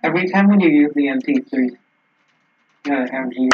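Brief: young male gamer friend, husky voice, animated intonation, muffled voice chat. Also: on the high side, brisk. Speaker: gaming friend. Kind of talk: casual gameplay banter.

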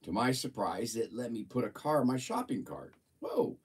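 A man's voice: medium pitch, expressive, a little fast, breathy edge, distant mic. A man hosting a casual livestream, chatting and reading a viewer's report aloud in an amused, playful way. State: a bit of a frog in his throat. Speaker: livestream host.

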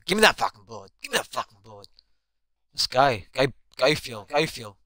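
A young man giving live commentary on his own basketball video game, excitable and swearing constantly as he yells at teammates. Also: mid-range voice, moderate pace, no echo. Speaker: gamer.

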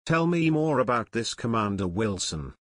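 A seasoned detective father , voiced by a man reading a storybook, speaks in measured, confident tones. The pitch is middling, and the sound is close and dry. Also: very animated, a bit bright, no room sound. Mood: assured.

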